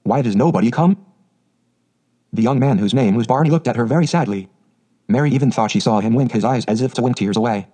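A man reads a classic storybook aloud in a steady, even way. His voice is mellow and dark-toned, sitting at an ordinary middle pitch. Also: quick pace, low-quality recording. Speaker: audiobook narrator. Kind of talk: scripted storybook narration.

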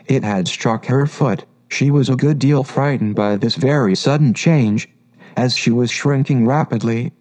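A man narrating a classic children's story in a calm, measured reading voice. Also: mid-range voice.

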